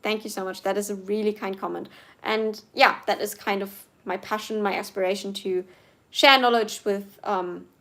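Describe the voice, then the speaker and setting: A woman's voice: medium pitch, fairly even intonation, normal speed, fairly bright tone. Chatty young woman livestreaming. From Germany. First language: German. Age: 20s. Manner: chatty and earnest, many fillers and restarts. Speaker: livestream host. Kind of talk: live Q&A reading viewer comments.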